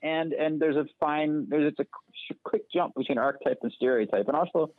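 A man's voice: a little high, a little fast, no room sound. Man on a tinny phone line. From Detroit. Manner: rambling, animated storytelling with quoted voices. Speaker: interview guest, TV writer. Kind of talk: casual conversational interview. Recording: dry, phone-like narrow sound.

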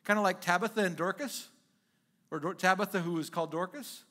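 A male pastor preaching a conversational sermon, dropping in frequent "okay?" asides and animated retellings of scripture. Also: sits high, a little fast.

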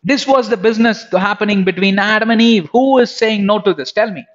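A man's voice: high-pitched, fairly quick. A man preaching an emphatic sermon who keeps putting questions directly to his listeners. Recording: dull lo-fi sound.

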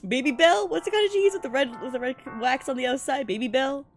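A woman's voice: high voice, normal speed, soft background music. A woman streaming a game live, chatting jokily and laughing often, easily spooked into yelps. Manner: excitable, jokey, laughs often. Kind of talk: live gameplay commentary.

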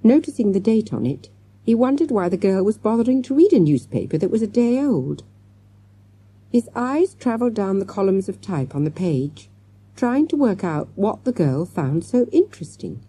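A woman narrating a children's audiobook with lively storytelling and many character voices. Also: medium pitch, normal speed, breathy edge, dry recording.

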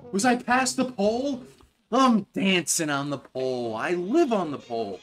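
A young man giving live commentary as he plays a video game, frustrated, yelling at the boss and rambling in jokes. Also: sits high, very animated, a little slow, soft background music. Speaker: gamer playing a video game.

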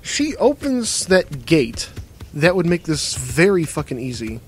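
A gamer with a fairly high, widely swinging pitch gives casual let's-play commentary while he plays, talking a little slowly. He swears a lot and swings between muttering and frustrated outbursts, with a little hiss or hum in the audio.

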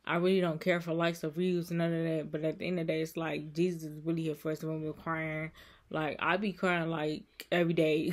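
A woman's voice: fairly low pitch, creaky. A woman vlogger speaking in an emotional, repetitive and soothing way, giving heartfelt encouragement to her viewers. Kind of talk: heartfelt encouraging vlog talk.

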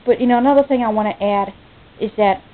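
An American woman talking earnestly and off the cuff in a home vlog, halting and restarting often with many ums, sounding choked up. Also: medium pitch. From United States. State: choked up, near tears. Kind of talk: impromptu personal vlog. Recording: tinny phone-like, faint hiss.

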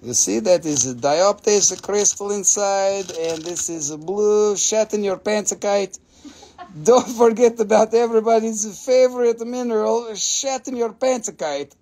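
A man hosting a live stream sale, joking, excitable and swearing freely while laughing often. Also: high voice, unhurried, a little hiss or hum. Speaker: host selling minerals. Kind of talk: live stream sales chat.

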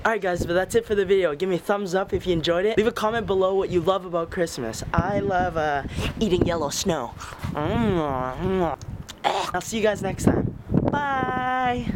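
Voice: medium pitch, normal speed, echoey room, background noise. A comedy vlogger doing a sarcastic, rambling holiday sketch in a mock-dramatic way.

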